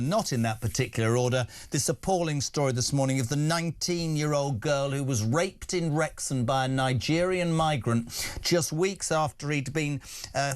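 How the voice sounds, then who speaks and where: A man hosting a talk radio breakfast show, ranting in an indignant, emphatic way. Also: a little high.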